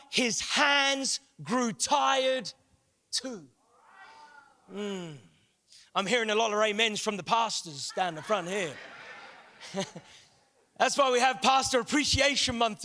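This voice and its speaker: A man preaching a sermon in a large church hall, impassioned, with rising shouts. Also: very high voice. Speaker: guest pastor.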